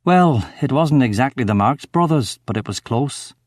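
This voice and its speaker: Male audiobook narrator, first-person thriller read, clipped tense delivery, mid-pitched voice, very dry close recording. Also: animated, normal speed, darkish tone, dry recording.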